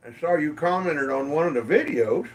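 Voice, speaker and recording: A man's voice: on the high side, expressive, normal speed, far from the mic, a little hiss or hum. A man casually hosting a livestream from his phone, greeting viewers by name in an easygoing way. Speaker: livestream host. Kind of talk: casual livestream chat reading comments.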